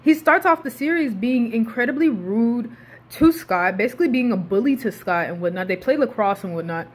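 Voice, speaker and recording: A young woman doing a casual, animated rant review, swearing often and sounding exasperated. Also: medium pitch, breathy edge. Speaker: YouTube reviewer.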